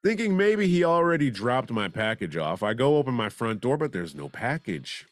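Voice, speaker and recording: A man's voice: medium pitch, sing-song, moderate pace, no room sound. A man hosting a comedy news show, reading odd stories and breaking off for sarcastic, wisecracking asides. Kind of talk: joking news commentary.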